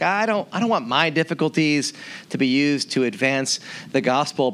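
A man in his thirties preaching a sermon as pastor, telling a story with animated, acted-out quotes. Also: medium pitch.

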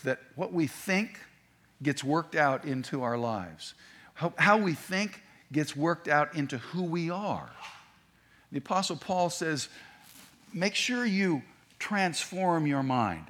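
A man's voice: fairly high pitch, fairly bright tone. A man preaching a sermon, talking in a conversational way with asides and restarts. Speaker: pastor.

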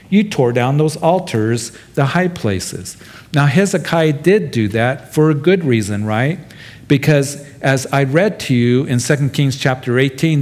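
A man's voice: mid-range voice, darkish tone. A pastor giving an expository sermon, talking to his congregation in a plain, conversational way and addressing them directly. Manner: conversational, speaks directly to the listeners.

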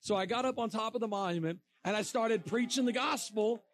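A man preaching to a room of students, telling a story with lively acted-out quotes and bursts of laughter. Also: high voice, brisk. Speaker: evangelist speaking to students. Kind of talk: storytelling sermon.

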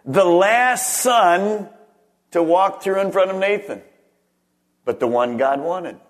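A middle-aged man, a pastor, preaching a sermon. He swings between raised, emphatic phrases and hushed ones, and puts questions straight to the congregation. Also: sits high, slow pace. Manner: asks the congregation questions directly.

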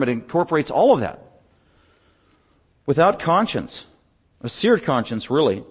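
A man preaching a sermon as pastor, emphatic, building up in pitch and volume on repeated lists. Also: lively intonation, normal speed, breathy edge.

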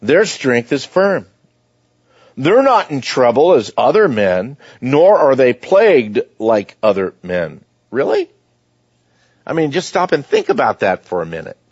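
A man's voice: mid-range voice, very animated, measured pace, slightly rough, no echo. A man preaching a sermon, reading scripture aloud and then explaining it in plain conversational words. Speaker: pastor. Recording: dull, dry lo-fi sound.

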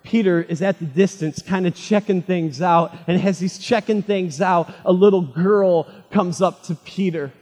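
A man preaching a sermon, retelling a story dramatically and swinging from loud, fervent lines to hushed ones. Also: high voice, a little slow, hardly any pauses. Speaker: pastor. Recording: long hall reverb.

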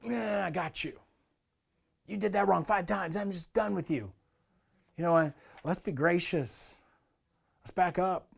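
Pastor, male, fairly high voice, earnest conversational sermon delivery. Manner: earnest, conversational preaching that acts out quoted complaints.

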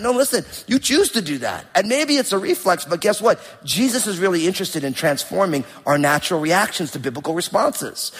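A middle-aged man preaching a sermon with emphatic, animated delivery and rhetorical questions. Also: high-pitched, husky. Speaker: pastor. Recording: long hall reverb.

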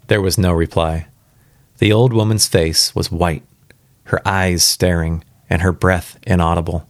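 A man reading a classic tale aloud on his first read-through, pausing now and then for casual comments on the text. His voice sits low and deep. The sound is dry and close. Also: steady tone, no echo. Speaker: story reader. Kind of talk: live first-time reading with asides.

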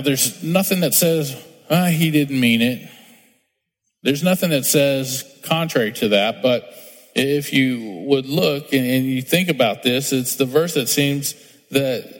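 A male pastor preaching a sermon in a chatty, storytelling way. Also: medium pitch. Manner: conversational preaching, acts out little scenes. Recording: long hall reverb, soft music underneath.

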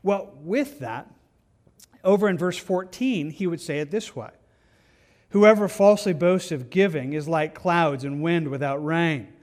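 Earnest man teaching scripture, higher-pitched. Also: measured pace, a little mellow. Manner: earnest, conversational, many restarts and repeated words. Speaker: pastor. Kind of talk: devotional Bible teaching.

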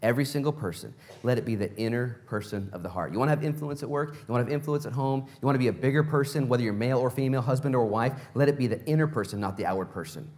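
A man preaching a sermon, animated and playful, telling stories in acted voices and asking the congregation direct questions. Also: mid-range voice, racing, few pauses. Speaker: pastor.

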